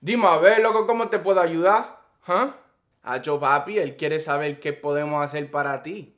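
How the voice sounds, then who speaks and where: A man playing a brash young Dominican street guy in a comedy skit, speaking in a fast, loud rush of slang with a Dominican accent. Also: a little high, natural voice. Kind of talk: comedy skit role-play.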